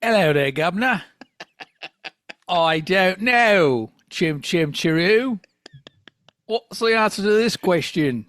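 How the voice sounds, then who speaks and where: A man's voice: high-pitched, animated, slow pace, pauses often, fairly bright tone, no echo, heavily acted. A man voicing Biff, a cheeky Cockney-Australian man, in a playful and hammy way, recorded dry and close. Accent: put-on Cockney. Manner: playful, hammy, self-mocking.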